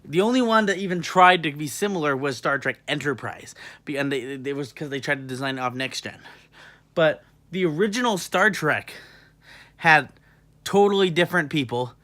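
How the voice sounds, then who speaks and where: Originally from England but sounding American with a hint of New York, this man chats like a vlogger at a moderate pace. His voice is on the high side and sharp, and his talk wanders, packed with fillers and cheery profanity.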